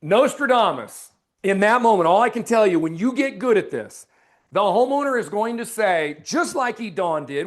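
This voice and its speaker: A man coaching a sales team, his voice sitting on the higher side for a man. He acts out his sales pitch in a slowed, low, serious tone. Between pitches he coaches with emphatic energy. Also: animated. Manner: drops to a slow, low, serious tone for the close. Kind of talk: sales training with role-played pitches.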